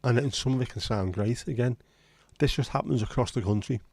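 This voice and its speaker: A man's voice: medium pitch, a little fast, a little mellow, no echo. A man hosting a casual livestream chat, rambling and reading out viewer comments. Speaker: livestream host.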